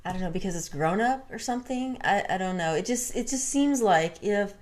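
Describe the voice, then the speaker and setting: A woman's voice: mid-range voice, expressive, a little fast. A young adult woman casually telling a candid, rambling personal story and swearing freely.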